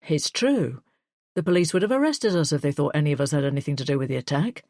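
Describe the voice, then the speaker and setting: A woman reading the part of a remorseful, desperate dying man in an audiobook thriller, speaking in a hushed, earnest plea. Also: a little high, fast, dry recording, close to an everyday voice. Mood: pleading. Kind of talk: audiobook dialogue.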